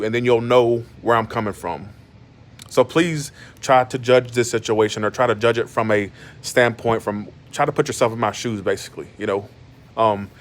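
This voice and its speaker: This mid-pitched man in his 30s, a blunt, casual streamer from Georgia, USA, is monologuing on a live stream while lying in bed at home. He's an animated, defensive YouTuber who restarts his sentences often.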